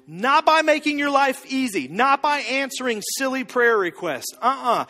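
A man's voice: very high-pitched, bright, forceful tone, long reverb tail. A man preaching a sermon as pastor, emphatic and often chuckling, building through repeated phrases.

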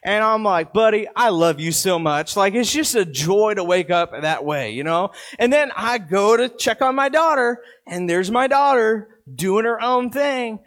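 A man's voice: high-pitched, animated, unhurried, few pauses, fairly bright tone. A man in his thirties preaching a sermon in an earnest, conversational way, with a lot of repetition. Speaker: pastor.

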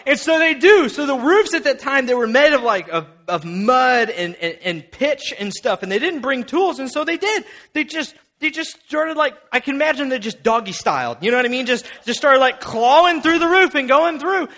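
High-voiced, animated young preacher. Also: male voice, moderate pace, few pauses. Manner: animated storyteller acting out the scene. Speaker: pastor. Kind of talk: sermon.

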